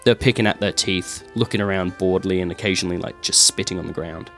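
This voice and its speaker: A man's voice: low voice, fast talker, fairly bright tone, soft background music. Man narrating as game master. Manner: descriptive, with filler and sound effects.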